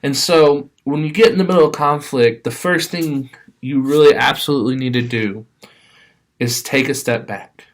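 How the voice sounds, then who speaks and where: A man, as a pastor, giving a casual, conversational sermon with frequent restarts, reading scripture more slowly and softly. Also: mid-range voice.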